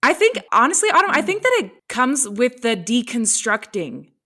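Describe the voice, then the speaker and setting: A woman's voice: fairly high pitch, very animated, moderate pace, sharp tone. A woman co-hosting a faith podcast, reading listener questions aloud and chiming in with supportive agreement. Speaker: podcast co-host.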